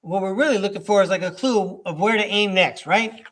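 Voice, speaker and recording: A man with a rather high voice hosts a live tarot stream in an easygoing, chatty way. He slows down to read card keywords aloud one at a time and talks to viewers in the chat. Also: a bit bright. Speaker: tarot reader and livestream host.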